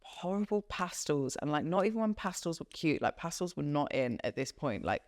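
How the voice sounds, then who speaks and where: A woman's voice: sits low, very animated, fairly quick, a little mellow. A woman co-hosting a podcast, telling a story in casual chat and acting out the people she quotes. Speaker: podcast co-host.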